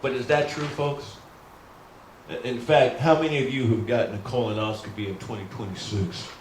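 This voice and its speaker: Rehearsing his stand-up, this new middle-aged comic rambles and pokes fun at himself, often addressing the folks directly. He speaks at a moderate pace with a medium pitch and steady tone, in a room with echo and a faint hum.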